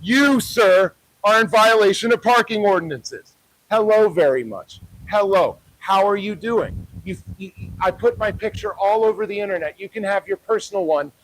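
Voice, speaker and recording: A man with a high, raised voice confronts people outdoors, taunting and swearing as he films on a handheld camera. His talk is a steady stream of jeering challenges in a street livestream. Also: normal speed, poor audio. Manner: heckling, profane, taunting. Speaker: protest livestreamer. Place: outdoors by a parking lot.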